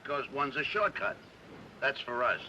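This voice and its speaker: A man playing a brisk, bossy straight man in a 1950s TV comedy, coaxing and taking charge. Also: mid-range voice, expressive, bright, forceful tone, lo-fi sound, a little hiss or hum.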